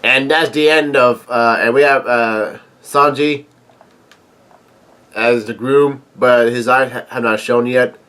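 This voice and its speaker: A man reading a manga chapter aloud and reacting with excitement, halting often with fillers and restarts. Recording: low-quality home recording.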